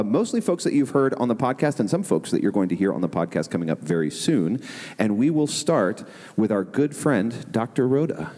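A man's voice: mid-range voice, a little mellow. A man co-hosting a podcast live at a convention, upbeat as he thanks and introduces his guests. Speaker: podcast co-host. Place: convention hall with live audience. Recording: live hall recording with long reverb and crowd.

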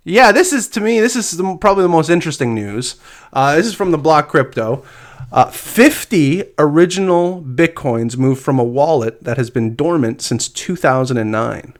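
A man's voice: a little high, lively intonation, moderate pace. A man co-hosting a casual chat, reading news items aloud with frequent "uh" fillers and easy laughter. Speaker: podcast co-host reading crypto news.

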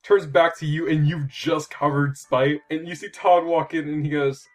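A chatty game master narrates a tabletop game, laughing often between rambling descriptions. His voice sits fairly high for a man. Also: steady tone, normal speed.

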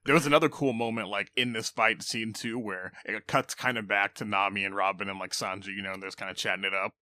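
A man co-hosting a casual chat, relaxed and agreeable, chuckling now and then. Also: lowish voice, fast, no room sound.

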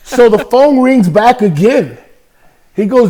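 Older guy from california, ex ballplayer, chatty storytelling w lots of uhs and laughs, slightly high voice. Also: measured pace. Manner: animated anecdote telling with frequent laughs and fillers. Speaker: podcast guest, former baseball player. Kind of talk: casual storytelling interview.

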